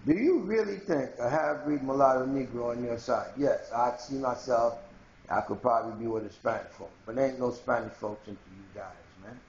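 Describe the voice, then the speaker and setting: A man's voice: medium pitch, moderate pace, darkish tone, echoey room, muffled recording, a little hiss or hum. A man from Haiti delivering a rambling, confrontational monologue straight to his viewers in a home video blog. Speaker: video blogger. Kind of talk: ranting monologue to camera.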